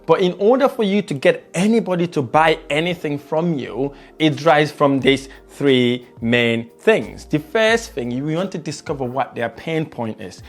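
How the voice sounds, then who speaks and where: A man coaching on sales, speeding up and slowing right down as he demonstrates his tone. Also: on the high side, expressive. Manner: varies pace and tone widely to demonstrate. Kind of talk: motivational teaching video.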